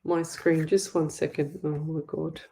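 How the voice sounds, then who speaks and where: A woman psychic medium from Australia hosts a live stream, reading viewer comments off her screen with excited exclamations and quick laughs. Her voice sits a little low for a woman. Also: gravelly, slight background noise.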